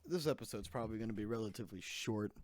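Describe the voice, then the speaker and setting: Rambling sarcastic young man, mellow voice. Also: fairly low pitch, racing, a little hiss or hum. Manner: rambling, sarcastic, jumps between tangents. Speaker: podcast host. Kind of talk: casual solo podcast rant. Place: small hot room. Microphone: desk microphone.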